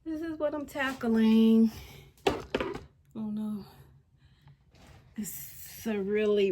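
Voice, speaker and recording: Woman DIY vlogger, slightly high voice, giggly casual chat filmed on a selfie stick in her closet. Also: drawn-out words, pauses often, mellow, a little hiss or hum. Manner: chatty, laughs often, keeps calling viewers "y'all". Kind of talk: casual vlog chat to viewers. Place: small indoor walk-in closet at home. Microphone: camera on a selfie stick or mini tripod.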